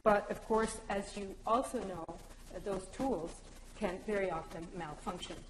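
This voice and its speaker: A woman giving an academic conference talk to language teachers, speaking in a clear, measured way and addressing the audience directly. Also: medium pitch, a little hiss or hum. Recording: echoey lecture hall with long reverb.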